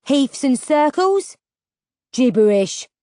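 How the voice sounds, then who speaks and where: A gruff young scavenger, hostile and suspicious, put on by a woman narrator in a storybook reading. He snaps out curt lines. The sound is dry and close. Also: high voice, big pitch swings, slow, warm tone, dry recording, pitched above the performer's own voice, heavily acted. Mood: scoffing. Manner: snapping, curt.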